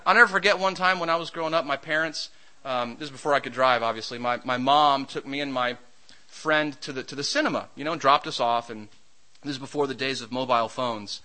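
A man preaching a sermon, mixing Scripture with a lively personal story. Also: medium pitch, a little fast, poor audio. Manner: storytelling, shouts during a comic anecdote.

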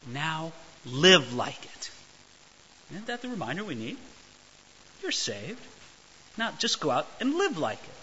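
Animated high-voiced male preacher. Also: breathy edge. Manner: animated, emphatic, acts out quoted voices. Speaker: pastor. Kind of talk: expository sermon. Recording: dull lo-fi recording.

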